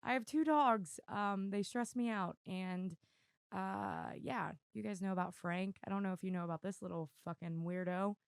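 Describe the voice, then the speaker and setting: Hoarse, gravelly self-mocking woman host. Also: mid-range voice, normal speed, no room sound. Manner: self-deprecating, rambling, laughs often. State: losing her voice. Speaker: podcast host. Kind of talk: casual chat. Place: room at home with dogs. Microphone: desk mic on video.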